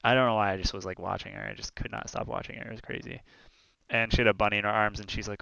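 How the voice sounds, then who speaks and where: Young man, casual chat, rambling storyteller, low gravelly pitch, bright tone. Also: fast, no room sound. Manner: rambling, animated storytelling with many fillers. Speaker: co-host of a streamed talk show.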